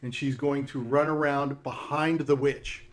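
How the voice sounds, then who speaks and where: A man's voice: mid-range voice, flat delivery, measured pace, crowd noise. A man narrating as game master of a tabletop game, laughing as he goes.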